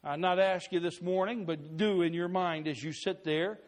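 A man, a pastor, preaching a sermon with slow, emphatic scripture readings. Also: sits high, fairly even intonation.

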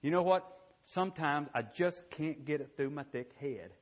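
A man's voice: on the high side, moderate pace. A man preaching a sermon in a church, folksy and conversational, often asking "you know what?".

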